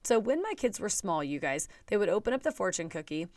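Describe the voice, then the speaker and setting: A woman's voice: mid-range voice, very animated, brisk, a little mellow, no room sound. Chatty, earnest woman coach. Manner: earnest, chatty, speaks straight to viewers. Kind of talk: motivational talk to camera.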